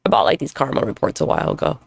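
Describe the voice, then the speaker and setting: Talking rapid-fire on a dry recording with no room sound, a woman hosts her own podcast monologue. She's frank and meandering, curses a lot, and jokes at her own expense.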